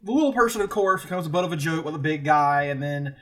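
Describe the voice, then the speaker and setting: A co-host chatting casually about a movie on a podcast. The voice sits at a middle pitch, and the delivery is wry, dry and full of sardonic asides and casual swearing. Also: expressive, quick pace, a crowd in the background. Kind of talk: casual film recap chat.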